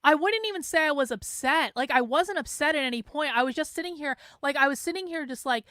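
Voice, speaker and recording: A woman hosting a casual monologue, blunt and exasperated, swearing freely and mocking others in flat mimicking asides. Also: high voice, fast talker, no echo, studio quality. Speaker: online commentator host.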